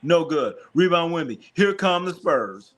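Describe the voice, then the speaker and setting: A man's voice: on the high side, sing-song, a little slow. A man hosting a live basketball watch party, calling plays casually, reading chat questions and joking with viewers, often repeating himself. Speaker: sports watch-party streamer.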